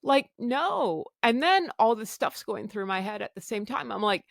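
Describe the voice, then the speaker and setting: A woman's voice: fairly high pitch, sing-song, moderate pace, gravelly, no room sound, studio quality. A middle-aged woman hosting a podcast, telling a personal story candidly and emotionally, swearing freely and acting out her own thoughts. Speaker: podcast host.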